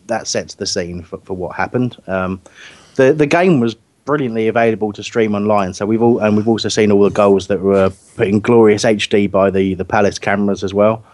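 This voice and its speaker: A man's voice: fairly low pitch, a little mellow. A man hosting a casual football chat, rambling and laughing often. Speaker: podcast host.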